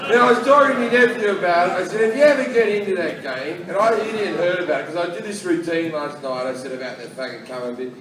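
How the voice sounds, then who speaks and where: An Australian man doing a crude stand-up comedy routine, telling stories that swing between low mutters and loud outbursts, recorded live at a comedy club. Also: fast, few pauses. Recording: live club set from far off, echoey, loud crowd and noise.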